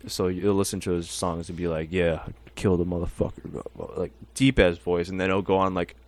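Sitting low and level in tone, this young Mexican-American podcast host talks fairly quickly. His casual chat wanders, full of free swearing and frequent laughter.

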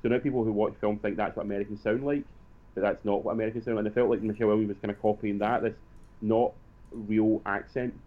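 A man co-hosting a casual film review chat, talking quickly and repeating words as he restarts. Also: on the low side, fairly even intonation. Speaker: podcast co-host. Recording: tinny phone-like line.

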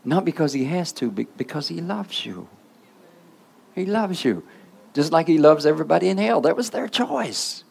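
A man preaching a sermon in plain colloquial speech. He keeps asking the listener questions, often prodding with "huh?", and swings between hushed and loud passages. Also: on the high side, big pitch swings, moderate pace, gravelly, husky. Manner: rhetorical questions with repeated "huh?"; informal colloquial grammar.

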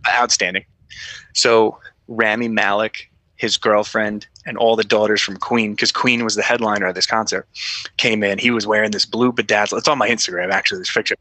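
A young adult man, a former police officer, telling stories as a podcast guest in a lively, profane way, acting out quotes in a raised voice. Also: lowish voice, fairly quick, no echo. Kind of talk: animated storytelling.

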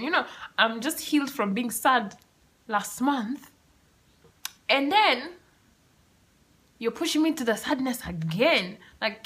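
A young woman, hosting a podcast and telling a personal story in a chatty, animated way with asides and laughter. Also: a little high. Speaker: podcast host. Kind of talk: casual storytelling monologue. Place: home room with open windows.

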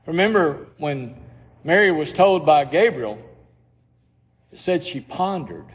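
A man preaching a sermon as pastor, slow and reflective, sometimes dropping almost to a whisper. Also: fairly high pitch, expressive, long reverb tail.

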